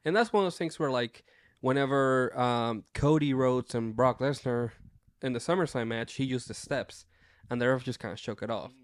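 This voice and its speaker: A man's voice: mid-range voice, moderate pace, no room sound. A man co-hosting a casual wrestling podcast, laid-back, swearing freely and laughing often. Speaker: podcast co-host.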